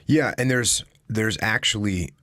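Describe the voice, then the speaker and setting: Low-voiced man, dry close sound. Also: unhurried, sharp tone, no room sound. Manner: emphatic, acts out example dialogues. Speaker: podcast guest. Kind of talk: casual conversation.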